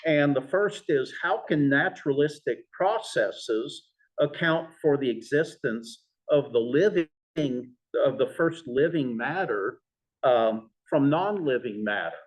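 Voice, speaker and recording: A man teaching a church class in a halting lecture, with many fillers and restarts. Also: mid-range voice, expressive, breathy edge. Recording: voice from far off in a room.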